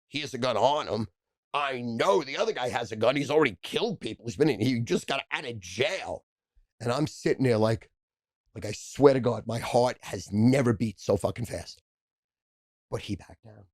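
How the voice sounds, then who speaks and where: A man's voice: mid-range voice, expressive, dry recording. A man, a podcast guest telling profane, brash stories in casual chat. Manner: brash, profane, rapid storyteller.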